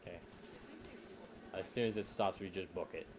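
A man's voice: deep voice, steady tone, moderate pace, noisy background. A man commentating a co-op game, making wry joking asides. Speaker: co-op gameplay commentator. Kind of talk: joking let's-play banter.

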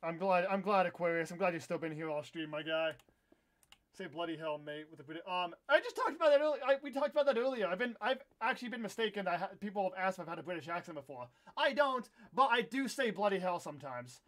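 A young American man in his twenties live-streaming a game, chatting casually with viewers in a rambling, self-correcting way with excitable bursts. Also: high voice, quick pace, few pauses. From United States. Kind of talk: casual live-stream chat while gaming.

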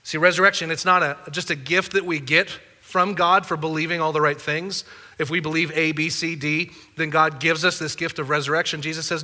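A man's voice: a little high, fairly even intonation, fairly quick, bright, forceful tone, in a large hall. A man preaching a sermon as a pastor, conversational and playful with the congregation. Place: church auditorium.

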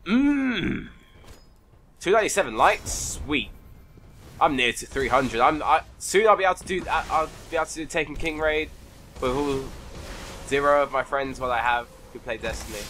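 A teenage boy commentating his own gameplay in a goofy, trash-talking way, sniffly from a cold, swinging from mumbled asides to excited yells. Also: medium pitch, fairly quick. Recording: noisy home recording.

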